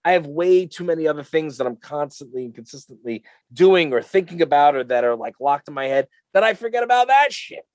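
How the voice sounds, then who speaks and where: A man's voice: on the high side, expressive, fairly quick, hardly any pauses, no room sound. A man co-hosting a podcast in loose, rambling, profane chat with plenty of fillers. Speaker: podcast co-host. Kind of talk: casual chat. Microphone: studio mic.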